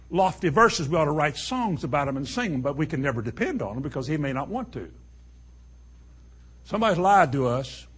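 Preacher guy, kinda husky and a bit high, firing questions at the church. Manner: emphatic, rhetorical questions to the congregation. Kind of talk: sermon.

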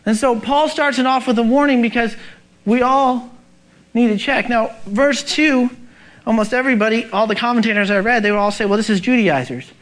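A man's voice: extremely high pitch, a little fast, fairly bright tone. A male pastor preaching a sermon, urgent and emphatic, asking the congregation rhetorical questions.

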